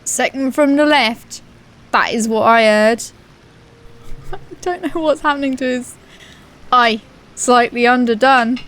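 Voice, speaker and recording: A woman's voice: fairly high pitch, slow, pauses often, fairly bright tone. A woman streaming a game, chatting casually and giggling with viewers. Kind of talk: casual chat.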